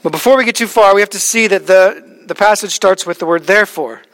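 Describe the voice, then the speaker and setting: A man with a notably high voice delivers a sermon in a relaxed, conversational way. He tells stories from his own life and often restarts his sentences. He sounds like a pastor in his thirties. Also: brisk. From Alaska.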